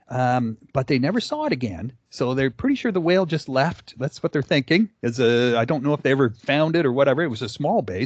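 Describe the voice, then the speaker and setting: A man's voice: mid-range voice, darkish tone, no echo. A middle-aged man giving a conversational storytelling presentation, with frequent filler words. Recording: dull, lo-fi dry recording.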